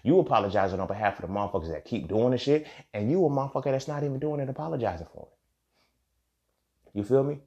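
A man's voice: mid-range voice, lively intonation, fast, dark tone, dull audio. A young man hosting his own podcast, talking bluntly and with plenty of profanity. He repeats lines for emphasis and keeps checking in with "you feel me.". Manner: frequent "you feel me" asides. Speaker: podcast host. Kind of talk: candid solo podcast monologue.

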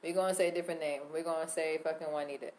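A woman's voice: sits low, steady tone, racing, darkish tone, slight background noise. Emphatic, swearing woman podcast co-host. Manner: profane, emphatic, talks through hypotheticals. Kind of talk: casual explaining chat.

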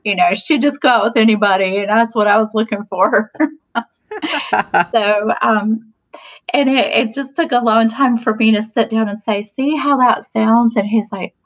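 A woman's voice: a little high, fairly even intonation, moderate pace, highs cut off. A woman in her forties, a podcast guest telling stories in a casual chat, talkative with frequent laughs and fillers. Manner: chatty, laughs often, many fillers.

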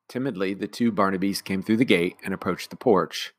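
A male teacher reading a children's novel aloud in a calm, even narration. His voice sits low. The recording is dry and close. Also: brisk, no echo. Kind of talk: storybook read-aloud.

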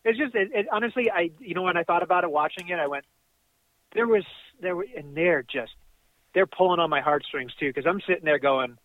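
A man co-hosting a wrestling podcast in casual chat, ranting excitably with profanity, calling in from his car. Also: high-pitched, a little fast, no room sound. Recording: tinny dry phone line.

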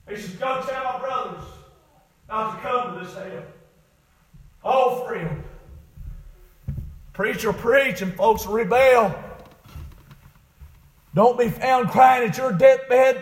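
In a reverberant space, a man delivers a fiery revival sermon. He drops to low murmurs, then climbs into drawn-out, shouted cries.

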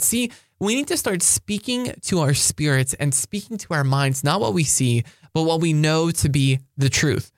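A man preaching a motivational talk to high school students, energetic and emphatic, repeating his key phrases. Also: moderate pace, no echo, studio quality. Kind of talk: sermon-style motivational talk.

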